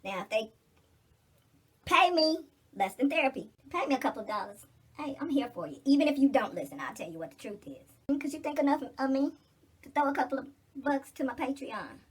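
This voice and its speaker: A woman's voice: sits high, husky. A middle-aged woman in casual get-ready-with-me chat, blunt, preachy and full of cursing. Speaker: vlogger.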